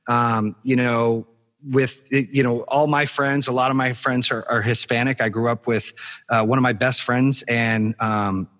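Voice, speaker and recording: A man's voice: medium pitch, steady tone, a little slow, a bit bright. A man hosting a podcast interview, speaking in an encouraging, motivational way in casual chat. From Arizona, USA. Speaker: podcast host.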